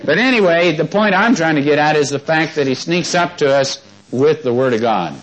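A man's voice: on the high side, lively intonation, moderate pace, rough recording. Folksy preacher man teaching a congregation. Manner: folksy, asks the congregation questions. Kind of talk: sermon with congregation call-and-response.

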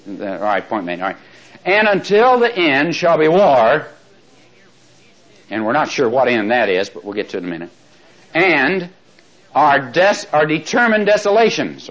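A man teaching a Bible study class, talking in a chatty, animated way with asides and chuckles, slowing down to read verses aloud. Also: a little high. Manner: slows right down when reading verses aloud. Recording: dull lo-fi recording.

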